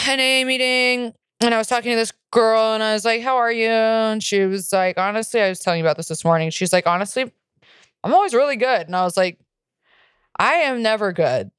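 A woman's voice: fairly low pitch, clean tone, dry recording, studio quality. A young woman co-hosting a podcast in casual chat, candid and profane, rambling with lots of fillers. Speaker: podcast co-host.

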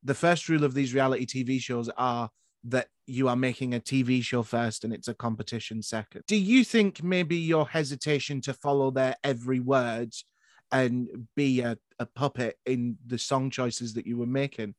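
A man's voice: medium pitch, moderate pace, no room sound, clean studio sound. A man hosting a podcast, asking long, winding questions and answering with short agreements. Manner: curious, rambling questions with short agreeing replies. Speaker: podcast host. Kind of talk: casual interview.

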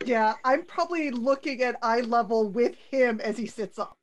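High-voiced woman playing a tabletop game. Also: moderate pace. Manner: casual, says "dude" often. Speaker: player.

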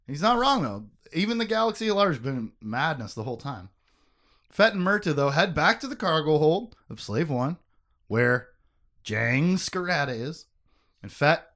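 Animated man joking through a book recap. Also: fairly high pitch. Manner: animated, joking, quick asides. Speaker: podcast host. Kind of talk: casual book discussion.

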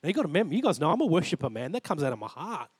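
A man's voice: a little high, sing-song, very fast, slightly rough, no echo. A man in his forties with an Australian accent, preaching a sermon and telling a personal story, acting out conversations with God. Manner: earnest storytelling, acts out dialogue with God. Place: church.

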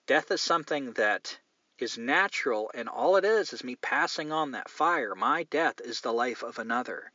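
A man's voice: mid-range voice, lively intonation, normal speed, bright, forceful tone, no room sound, dull audio. A man hosting a podcast, chatting candidly in a loose, rambling way and swearing now and then. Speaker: podcast host. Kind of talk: casual chat, reading listener mail.

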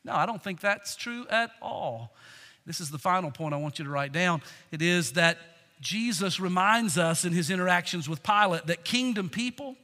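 A male pastor preaching a sermon with dynamic delivery, swinging between loud emphasis and hushed tones, often restarting words. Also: high-pitched, animated, normal speed, in a large hall.

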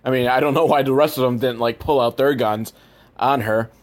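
Guy doing a snarky movie recap, swears a lot, deadpan, rambles off on tangents. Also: medium pitch, fairly quick. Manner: profane, deadpan, rambling with asides. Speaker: movie reviewer. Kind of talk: sarcastic movie recap commentary.

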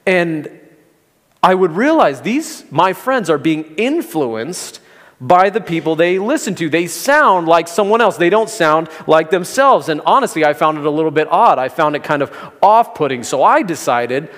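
A man preaching a sermon as pastor, in a conversational way with gentle humor. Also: on the high side, sing-song, normal speed, long reverb tail. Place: church sanctuary.

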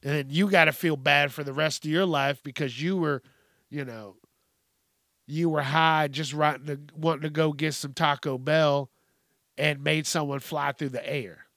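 Man, podcast host, cussing rant, exasperated, bright tone, fairly high voice. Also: fairly even intonation, moderate pace, no room sound, studio quality. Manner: profane, exasperated, ranting. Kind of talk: casual solo rant.

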